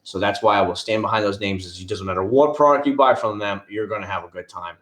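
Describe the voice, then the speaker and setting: A man's voice: on the low side, quick pace, fairly bright tone. A man hosts a casual live stream and answers his viewers in a loose, rambling way. He restarts his sentences often, drifts into asides, and calls people by name. His voice bounces around a noticeably echoey room. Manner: talks directly to viewers by name.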